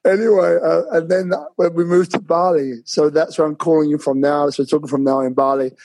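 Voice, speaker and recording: A man from London with a London accent mixed with Australian, telling his life story as a guest on an interview show over a remote call, relaxed and laughing often. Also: fairly high pitch, a little fast, no room sound, low-quality recording. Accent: London English mixed with Australian. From London, England. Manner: relaxed, laughs often, many fillers and restarts. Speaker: guest author. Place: home in Bali, remote call.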